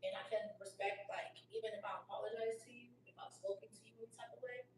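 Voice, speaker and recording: A woman's voice: mid-range voice, steady tone, fast talker. A woman hosting a casual couch chat, telling stories candidly and animatedly, with slang. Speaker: host. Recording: roomy, distant mic with faint hum.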